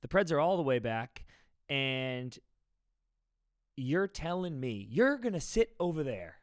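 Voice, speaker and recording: Excitable argumentative male co-host. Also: medium pitch, a little slow, no echo, studio quality. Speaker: podcast co-host. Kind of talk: casual sports podcast banter.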